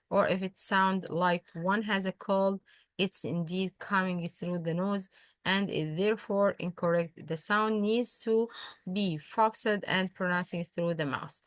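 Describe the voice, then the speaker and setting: A woman's voice: mid-range voice, dry recording. Arabic-speaking lady teaching recitation online, patient, lots of uh's, dry close sound. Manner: patient, repeats examples slowly, many hesitations. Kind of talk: online tajweed lesson.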